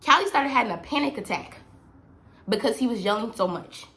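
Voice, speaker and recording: A woman's voice: a little high, animated, fairly quick, pushed and bright. A young woman telling a personal story on her vlog, emphatic and repetitive, talking straight to her viewers. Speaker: vlogger.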